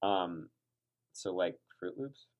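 A man with a very deep voice co-hosts a podcast in loose, casual chat. He sounds tired and rambles, trailing off and restarting as he goes. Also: expressive, slow, phone-quality sound. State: tired from poor sleep. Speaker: podcast co-host.

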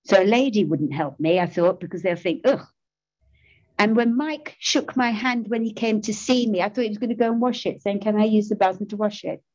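A woman's voice: mid-range voice, brisk, a little mellow, muffled recording. An older woman, giving a personal testimony about her recovery, self-mocking, emotional and often laughing. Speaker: recovery speaker.

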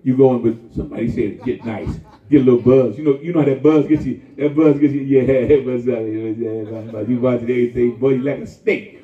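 A man preaching a lively, folksy sermon with call-and-response and shouts to the congregation. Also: medium pitch, fairly quick, hardly any pauses. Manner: folksy, conversational, acts out quoted voices. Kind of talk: lively Palm Sunday sermon. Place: church sanctuary. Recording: echoey church heard from far off over a tinny line.

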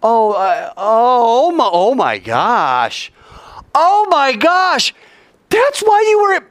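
A man voicing frightened young male disciples caught in a storm, shouting frantic exclamations. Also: mid-range voice, measured pace, clean tone, no echo, natural voice. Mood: flustered.

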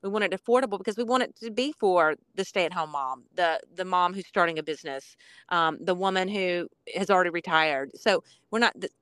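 A woman's voice: lowish voice, fairly bright tone, no echo. A woman with a Southern US accent, chatting as a podcast guest from her car over a phone call, bubbly and laughing often. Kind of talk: casual chat.

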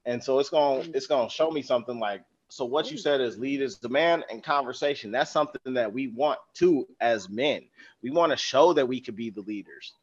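A man from California, a podcast guest, talking in a playful, animated and sarcastic way in casual chat. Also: medium pitch, fairly quick, slightly rough, dull audio.

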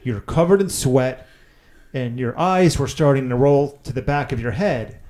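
A man's voice: mid-range voice, normal speed, a little mellow. A man hosting a casual chat, animatedly retelling a story, acting out quotes and swearing freely.

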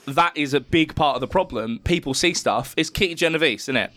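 A young British man in sweary, animated storytelling as co-host of a casual podcast chat. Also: a little high, brisk. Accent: British English.

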